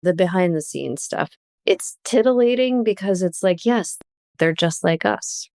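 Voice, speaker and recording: Low gravelly woman chatting on a podcast, animated, laughing through her stories, dry close sound. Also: measured pace, no room sound. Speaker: guest, journalist and author. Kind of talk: casual podcast conversation.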